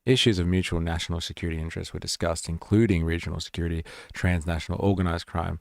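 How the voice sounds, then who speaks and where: A man's voice: deep voice, steady tone, fast talker, creaky, hardly any pauses, no echo, studio quality. A man with an Australian accent hosting a live stream, talking casually with sarcasm and plenty of swearing. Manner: sarcastic, swears freely, rambling.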